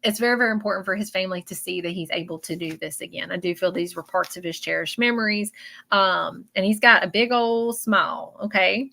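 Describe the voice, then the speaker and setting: A woman, her voice gravelly with a touch of vocal fry. She speaks as a medium on a live stream, emotional and given to repeating herself, and she keeps turning to her viewers as y'all. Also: medium pitch, fairly quick, sharp tone. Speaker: psychic medium.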